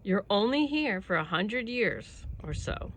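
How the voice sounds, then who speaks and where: A woman's voice: mid-range voice, sing-song, measured pace, fairly bright tone, a little hiss or hum, rough recording. A woman musing casually to camera about happiness and freedom. She rambles in an earnest tone, with laughs between thoughts. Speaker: vlogger. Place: outdoors at home with animals.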